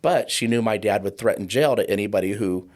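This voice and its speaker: His voice sits on the low side with a darkish tone, and he talks a little fast. This man in his forties, a trauma coach and interview-show guest, vividly recounts a personal story while imitating the people he quotes.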